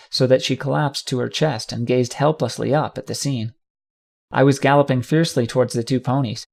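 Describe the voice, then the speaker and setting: Man, audiobook narrator, dramatic steady telling, mid pitch. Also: gravelly. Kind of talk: first-person fanfiction audiobook reading.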